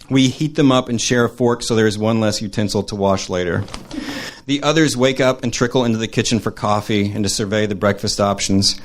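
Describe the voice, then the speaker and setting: A man reading his personal essay aloud to a live audience, earnest and measured. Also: lowish voice, background noise. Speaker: storyteller.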